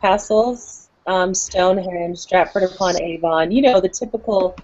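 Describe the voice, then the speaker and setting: A woman's voice: on the low side, measured pace, darkish tone. Young woman telling candid stories, lo-fi. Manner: candid, storytelling, uses "like" a lot. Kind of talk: casual chat. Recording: dull lo-fi stream audio.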